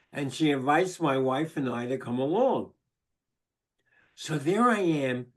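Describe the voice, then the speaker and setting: Older male psychologist, high voice, slow unhurried telling, dry joking storyteller on a video call. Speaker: psychologist and book author. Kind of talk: webinar talk with anecdotes.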